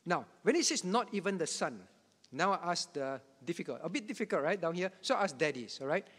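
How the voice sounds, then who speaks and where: High-voiced pastor in a reverberant hall. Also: male voice, big pitch swings, brisk, fairly bright tone, slightly rough. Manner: repetitive, emphatic, chuckling asides. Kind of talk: Bible teaching to a congregation.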